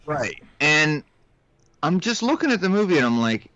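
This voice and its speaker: A man's voice: a little high, big pitch swings, normal speed, sharp tone, no room sound, highs cut off. Wry rambling man on a dry mic. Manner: rambling, wry, many restarts. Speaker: podcast co-host. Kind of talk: casual chat.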